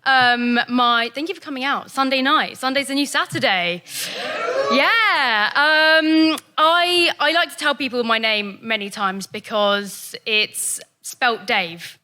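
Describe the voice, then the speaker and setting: A stand-up comic working the crowd in a dry, conversational way on a comedy club stage. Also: female voice, high voice, slow, sharp tone, a little hiss or hum. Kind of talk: stand-up routine.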